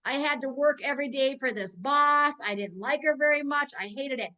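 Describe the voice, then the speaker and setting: This woman's high voice, at a normal speed, comes through with the highs cut off. She's a network marketing trainer leading a sales team on a video call, a lively storyteller who keeps checking in to make sure everyone's following.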